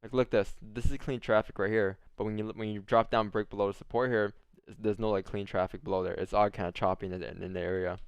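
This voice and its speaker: A young man from Canada hosting a live stream, chatting casually with a relaxed, laid-back manner. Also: lowish voice, quick pace, few pauses, smooth, no echo. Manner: relaxed, laid-back banter with frequent laughs. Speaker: stream host. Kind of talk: casual livestream chat.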